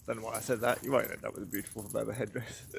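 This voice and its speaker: A man's voice: fairly low pitch, steady tone, quick pace, creaky, a bit bright, husky. A man telling a horse-training story in a casual, chatty way, laughing often and acting out quotes.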